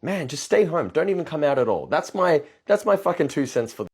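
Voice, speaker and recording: A man tells a story in a blunt, profane rant. His voice is husky and rises and falls a lot as he gets animated, and he sounds like a dating coach venting about a bad night. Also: on the high side, brisk.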